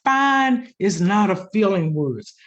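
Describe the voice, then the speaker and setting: Middle-aged woman chaplain, African American accent, expressive preacher-style delivery. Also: mid-range voice, slow, lo-fi sound. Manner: expressive, swings into emphatic preaching cadence. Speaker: hospital chaplain and pastoral educator. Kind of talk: community panel talk, preacher-like.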